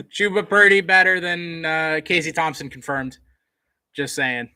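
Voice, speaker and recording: A man giving casual live play-by-play commentary on a college football game, chatty, with fillers, getting excited on big plays. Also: on the high side, measured pace, clear, resonant tone, no echo, clean studio sound.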